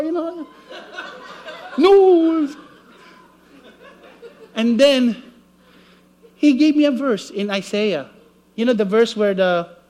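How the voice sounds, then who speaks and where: A man preaching a sermon, telling a personal story with animated delivery and acted-out voices. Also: high voice, measured pace, long pauses.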